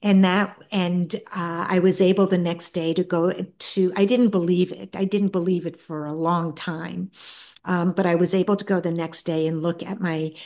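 This is a middle-aged woman with a somewhat low voice, telling her own story as an interview guest. She talks softly and earnestly. Her thoughts often break off and restart. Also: flat delivery. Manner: soft-spoken, earnest, halting with many restarts. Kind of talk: reflective personal storytelling.

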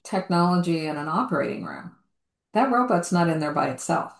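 A woman hosting an interview, speaking in a measured, thoughtful way with frequent hesitations. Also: on the low side, expressive, reverberant. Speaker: interview host. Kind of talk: conversational interview.

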